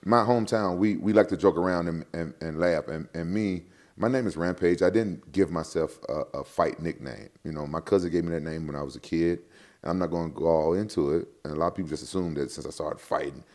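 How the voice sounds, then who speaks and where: A middle-aged man from Memphis, joking and telling animated stories as a guest in a casual chat. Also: low-pitched, a little fast. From Memphis, USA. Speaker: guest, fighter.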